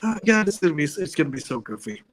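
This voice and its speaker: A man, a comedian guest, chatting casually, joking and riffing quickly while plugging his shows. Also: a little high, big pitch swings, heavy background noise. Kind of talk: casual chat.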